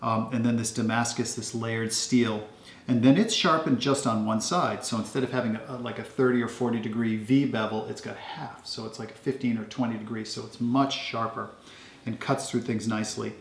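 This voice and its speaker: A man casually showing off his kitchen knives at home, talking in a relaxed, rambling way with lots of ums. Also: medium pitch, moderate pace, reverberant, slight background noise. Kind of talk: casual show-and-tell.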